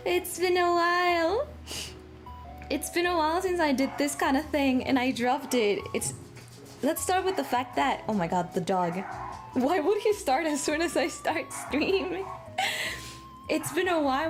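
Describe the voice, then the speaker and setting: Woman streamer from Latin America, sore throat, high and bouncy, swears, chats to viewers over faint music. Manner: animated, swears freely, talks straight to chat. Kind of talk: casual livestream chat. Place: her apartment. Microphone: travel microphone.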